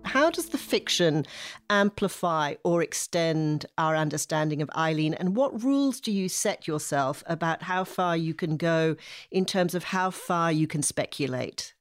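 A woman interviewer asking an author measured, attentive questions. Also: deep voice, expressive, no echo, clean studio sound.

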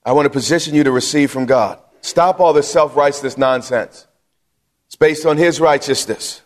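A male pastor with a fairly high, slightly mellow voice delivers an emphatic sermon from the pulpit. He repeats himself and quizzes the congregation. Long reverb from the church sanctuary is heard.

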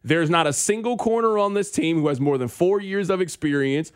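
A man's voice: fairly high pitch, brisk, clean tone. A man hosting a sports talk radio show, giving emphatic opinions.

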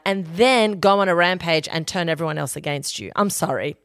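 A woman's voice: lowish voice, brisk, hardly any pauses, no room sound, clean studio sound. A young adult woman, hosting a casual advice podcast in a blunt, sweary, emphatic way. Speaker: podcast host giving advice.

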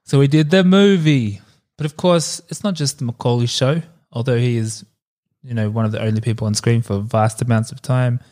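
A man's voice: mid-range voice, normal speed, a little mellow. A man co-hosting a podcast in casual chat, joking and rambling with fillers, says he is hungover. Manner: jokey, rambling with fillers and laughs. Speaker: podcast co-host.

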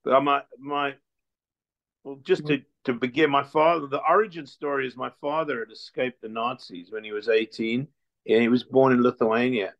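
A man's voice: medium pitch, fairly even intonation, normal speed, gravelly. An older man from South Africa, a filmmaker guest telling stories in a rambling, wry, crude style. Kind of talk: casual storytelling interview. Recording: muffled lo-fi remote line.

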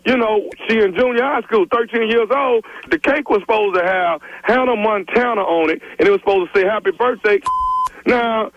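A man's voice: very high-pitched, no room sound. A man making a prank phone call, angrily accusing and repeating his complaints over a muffled phone line. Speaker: prank caller. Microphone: telephone.

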